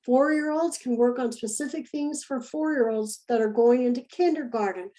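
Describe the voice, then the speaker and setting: Mellow-voiced woman teaching early childhood education. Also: fairly high pitch, normal speed, rough recording. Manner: conversational, demonstrative, repeats key phrases. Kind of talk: recorded lesson.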